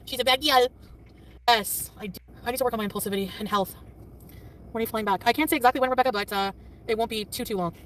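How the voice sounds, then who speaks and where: A woman rattles through a casual livestream, defensive and quick to snap back at anyone in her chat. Her words tumble out at a hurried clip. She sits away from the mic, with a faint hum of traffic behind her. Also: a little high, a bit bright, far from the mic. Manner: quick, defensive, often laughing and snapping back.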